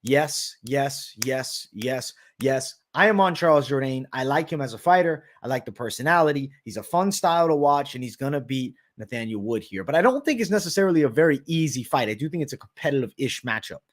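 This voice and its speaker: This betting stream host has a fairly high, expressive voice and rattles along quickly with few pauses. Brash and foul-mouthed, he keeps dropping "bro" while responding to his audience's questions.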